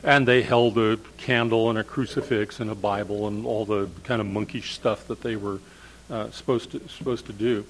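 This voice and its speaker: A man's voice: lowish voice, fairly even intonation, normal speed, a little hiss or hum, poor audio. An older man, a professor of English literature, giving a discursive storytelling lecture with frequent fillers.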